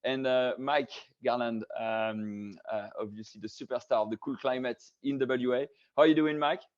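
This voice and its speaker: A man's voice: mid-range voice, steady tone, moderate pace. Guy hosting a wine tasting over video call, lots of uhs and ums, muffled lo-fi sound. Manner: hesitant, many fillers and restarts. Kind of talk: casual hosted tasting talk. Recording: dull lo-fi video call audio.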